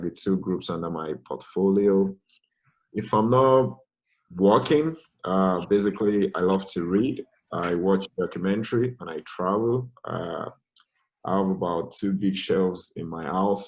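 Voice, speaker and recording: Deep-voiced Nigerian-born finance speaker, relaxed and conversational. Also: male voice, low-quality recording. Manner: relaxed, conversational, frequent "you know". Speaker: guest speaker, finance project manager. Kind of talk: presentation over video call.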